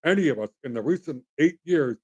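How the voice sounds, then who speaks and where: A man's voice: a little high, animated, a little fast, a little mellow, slightly rough. A middle-aged man from Canada hosting his own show, rambling bluntly and folksily as he talks straight to his viewers. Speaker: host. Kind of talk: opinionated solo commentary.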